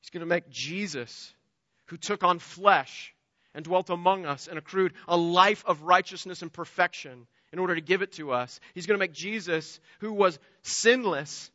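A man's voice: high-pitched, normal speed, pushed and bright, dry recording, lo-fi sound. A man preaching a sermon as pastor, impassioned and building to emphatic peaks.

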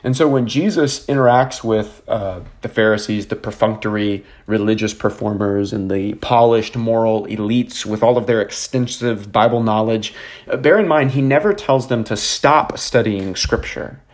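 A man's voice: lowish voice, moderate pace. A man preaching a sermon as a pastor, earnest and conversational, with frequent fillers and restarts.

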